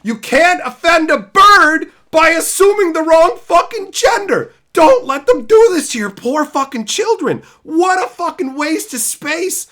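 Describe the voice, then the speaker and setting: A man's voice: very high voice, very animated, a little slow, hardly any pauses. A man hosting a livestream, ranting angrily with heavy profanity and mocking asides while reading chat. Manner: profane, heated, mocking, shouting at times. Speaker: streamer host.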